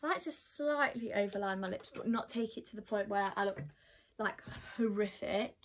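A woman's voice: mid-range voice, normal speed. A teenage girl chatting through her makeup routine as a beauty vlogger, full of "like" fillers. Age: teens. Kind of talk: get-ready-with-me makeup chat.

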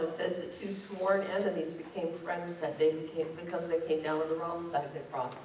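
A woman's voice: on the low side, little pitch movement, brisk, few pauses, a little mellow, slight background noise. A woman pastor preaching a sermon, reading scripture aloud and driving points home with rising emphasis. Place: church sanctuary. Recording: echoey church from a distance.

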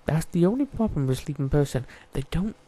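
A man's voice: on the high side, expressive, fast talker, warm tone. Joking man narrating a stealth game. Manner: chatty, joking, talks to game characters. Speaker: gaming YouTuber. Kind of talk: casual let's play commentary.

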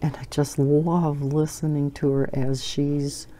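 Low, slow-talking older woman chatting. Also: level tone, dark tone. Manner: rambling and chatty, many fillers, fond laughter. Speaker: coloring channel host. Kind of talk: casual chat while coloring.

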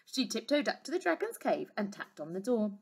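A woman teacher reading a storybook aloud to young children, expressive, with gentle asides to her listeners. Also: mid-range voice, fairly quick, gravelly, husky. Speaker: reception class teacher.

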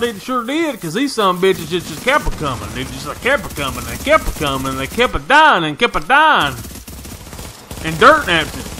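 A brash young man with a drawl trash-talks his way through a shooter match, cussing and hollering. His voice sits high and bright, with a sharp forward edge. A faint hiss runs under it. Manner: brash, profane, folksy trash talk. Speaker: gaming YouTuber. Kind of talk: game commentary.

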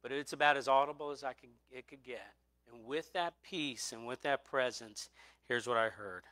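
A man's voice: medium pitch, normal speed, sharp tone, no echo. A middle-aged man preaching a sermon, telling a personal testimony earnestly and repeating phrases for emphasis.

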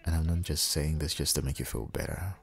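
A man in a whispered role-play as a husband, talking in a soft, comforting and reassuring way. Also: rumbling low, steady tone, a little fast.

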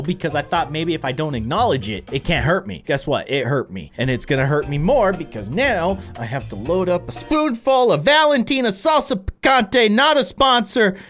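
A man giving joking, self-mocking running commentary over his gameplay as a gaming YouTuber. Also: medium pitch.

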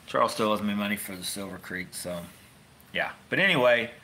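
A man's voice: on the low side, fairly quick, sharp tone, slight background noise. A man hosting a fishing channel, chatting casually into his phone in a rambling, folksy way with wry asides. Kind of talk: casual rambling livestream chat.

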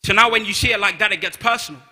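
A man's voice: sits high, racing, bright, forceful tone. A man with a London accent preaching a sermon, emphatic, repeating key phrases and reading scripture aloud. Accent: London English. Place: large church hall. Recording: long hall reverb.

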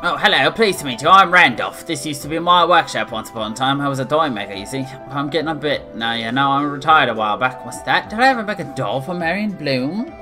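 A man voicing a gentle, retired old toy maker who speaks in a kindly, fussing way, in a bright tone. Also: fairly high pitch, expressive, fast talker, hardly any pauses, faint music behind.

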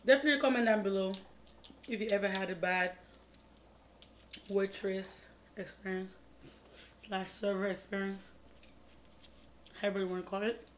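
A woman's voice: mid-range voice, steady tone, normal speed, pauses often, slight background noise. Chatty woman vlogger eating on camera. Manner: chatty, repeats pleading words, mumbles while eating. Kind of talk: casual mukbang storytime vlog.

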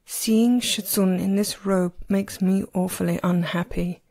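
A woman's voice: medium pitch, steady tone, measured pace, a little mellow. A woman reading aloud and voicing an intense, possessive young male disciple who speaks in a cool, brooding way. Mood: sulky.

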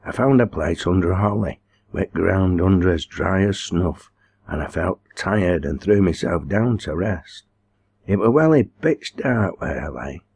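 A man reading as a little villager, solemn and earnest, deep low voice, slow broad dialect, storybook tale. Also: animated, vocal fry, darkish tone, slightly rough, heavily acted.

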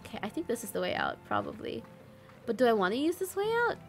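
A woman's voice: a little high, wildly swooping pitch, fast. A young woman from Malaysia chatting casually while streaming a game, reading chat aloud and swearing now and then. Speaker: VTuber streamer. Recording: faint game music behind.

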